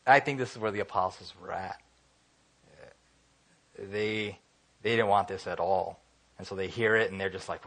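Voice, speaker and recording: A man's voice: fairly low pitch, expressive, fairly quick, a bit bright, breathy edge. A man preaching a casual, conversational sermon, often acting out what people say and filling his talk with "you know". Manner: conversational, acts out quoted voices, many fillers.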